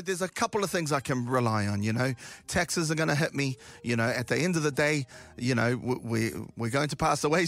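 A young New Zealand man hosts a casual morning radio show, cracking jokes, swearing, and kicking things off with loud, hyped-up openings. His voice sits on the high side.

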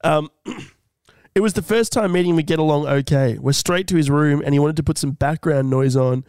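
A man's voice: on the high side, normal speed, darkish tone, clear, resonant tone, no echo. A young man co-hosting a comedy podcast, reading out a listener's letter with jokey asides. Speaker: podcast co-host. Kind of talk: casual comedy podcast chat.

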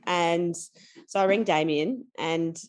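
This Australian podcast guest is in her forties and has a strikingly low voice. Though she sounds tired and takes things slowly, she shares her personal stories openly and energetically, laughing frequently and slipping into the voices of those she quotes.

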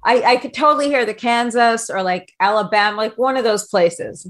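A woman's voice: a little high, normal speed, fairly bright tone. A woman from New York City hosting a casual podcast, talking in a brash, rambling, jokey way full of likes. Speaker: podcast host.

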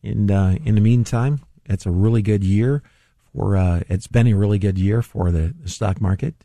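A man's voice: lowish voice, moderate pace, dark tone, no room sound, studio quality. A male radio host with a voice he says he is losing, chatting loosely about the stock market, rambling and correcting himself as he goes. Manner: rambling, self-correcting, chuckling. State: losing his voice. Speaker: radio show host, financial adviser. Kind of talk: casual talk radio commentary.

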